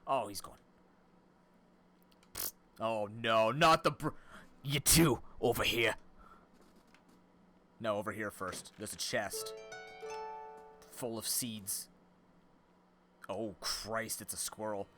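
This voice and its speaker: A man streaming a video game, talking in a rambling, animated, self-mocking way. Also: on the low side, slow, long pauses. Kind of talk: casual let's-play commentary.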